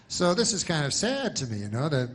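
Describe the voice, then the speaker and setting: A man performing a stand-up comedy set with a dry, deadpan, rambling delivery. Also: on the high side.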